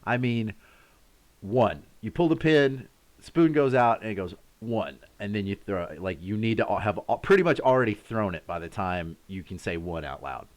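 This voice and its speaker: A man in his thirties hosting a live stream, casually telling a story to his chat and acting out sounds and shouts along the way. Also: fairly low pitch, moderate pace. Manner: animated, acts out sounds and his own shouts.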